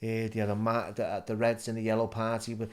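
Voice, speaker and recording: A man's voice: on the low side, completely flat delivery, quick pace, clear, resonant tone. A middle-aged man with a Liverpool accent, a guest telling his story in a casual interview, stumbling and repeating words as he goes.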